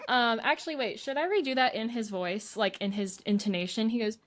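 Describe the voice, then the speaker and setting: Animated woman co-hosting a podcast. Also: fairly high pitch, fairly quick, hardly any pauses. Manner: animated storytelling, swears. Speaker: podcast co-host. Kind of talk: casual chat. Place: at home in an apartment.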